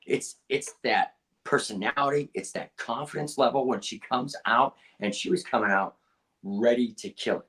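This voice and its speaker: Blunt low-voiced man swearing freely. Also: a little fast, a bit bright. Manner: blunt, profane, emphatic with many restarts. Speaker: podcast co-host, artist. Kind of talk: casual review chat.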